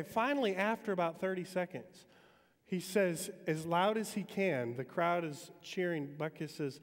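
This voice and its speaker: A man from Metro Detroit delivers a relaxed, conversational chapel sermon, loose with his ums. His voice sits slightly higher than most men's. A long reverb from the big chapel hall trails behind him. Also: normal speed. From Metro Detroit, Michigan, US. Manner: relaxed, chatty, frequent ums. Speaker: guest chapel speaker. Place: university chapel auditorium.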